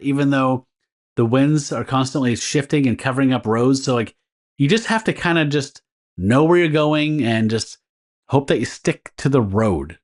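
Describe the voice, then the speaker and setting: A man co-hosting a casual podcast, recapping a comic story in a rambling, laughing way with many fillers. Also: medium pitch. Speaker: podcast co-host. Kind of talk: casual comic book discussion.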